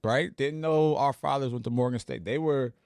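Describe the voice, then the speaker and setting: A man in his forties from New Jersey, a radio personality telling relaxed stories as a podcast guest, with many fillers. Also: mid-range voice, normal speed, no echo. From Plainfield, New Jersey. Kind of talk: casual podcast interview.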